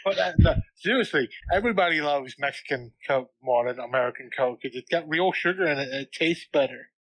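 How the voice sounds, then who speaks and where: A man's voice: brisk, a bit bright, no room sound, poor audio. A man co-hosting a podcast, chatting playfully about a movie and acting out lines. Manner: playful, acts out quotes in high voices. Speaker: podcast co-host. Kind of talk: casual movie recap chat.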